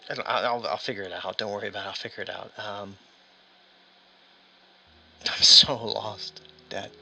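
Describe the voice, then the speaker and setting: Casting: a man as a lost, worn-out trucker calling home, halting and stammering, gravelly and bright. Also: on the low side, fairly even intonation, slight background noise, low-quality recording. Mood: lost, rambling. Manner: halting and stammering, with nervous laughs. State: exhausted and aching. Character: lost, shaken long-haul trucker man calling his dad. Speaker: solo tabletop game player. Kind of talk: first-person in-character monologue.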